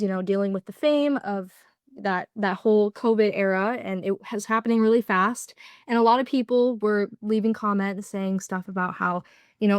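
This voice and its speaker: A woman's voice: mid-range voice, smooth, no room sound, studio quality. A young woman giving a casual class presentation, explaining with lots of fillers. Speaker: student presenter.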